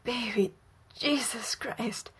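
Lady doing a rough guy muttering oaths, gravelly whisper, slow, whispered role-play. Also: a little high, fairly bright tone, exaggerated voice. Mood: strangled. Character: rough swearing man, devoted lover.

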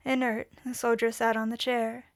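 A woman reads fiction aloud in a steady, measured way. Her voice is a little high and keeps a narrow pitch range. The sound is dry and close. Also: no room sound. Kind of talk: audiobook-style fiction reading.

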